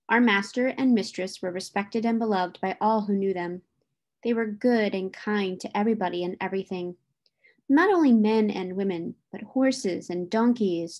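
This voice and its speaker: A woman reading a classic novel aloud in a measured storytelling manner. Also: medium pitch. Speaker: reader.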